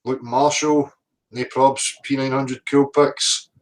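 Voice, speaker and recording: A man's voice: medium pitch, little pitch movement, slow pace, low-quality recording. A Scottish man hosts a casual livestream over a computer mic at home. He talks in a loose, chatty way, reads out viewers' names and drops the odd swear word. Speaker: livestream host.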